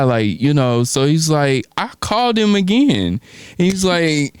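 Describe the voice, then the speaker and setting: Smooth-voiced man telling a story. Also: fairly high pitch, very animated, unhurried, no room sound, studio quality. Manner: storytelling, acting out quoted dialogue. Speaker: podcast co-host. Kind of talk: casual chat.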